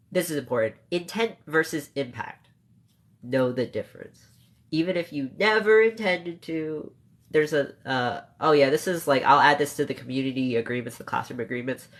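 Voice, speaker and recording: A streamer telling a story to live chat in a casual, rambling way, turning emotional and playfully scolding viewers, with frequent swearing and quick self-corrections. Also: mid-range voice, a bit bright.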